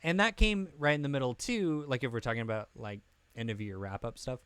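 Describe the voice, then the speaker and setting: A man co-hosting a podcast in casual chat, animated, laughing often and talking with lots of filler words into a podcast mic. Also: mid-range voice, brisk, smooth, no room sound. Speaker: podcast co-host. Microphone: podcast mic with pop filter.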